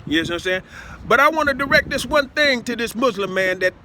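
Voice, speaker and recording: Stammering high-voiced man, rambling outdoors. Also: animated, noisy background. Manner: halting, full of stammered repeats and "see?". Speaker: self-styled speaker addressing listeners. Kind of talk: rambling improvised monologue.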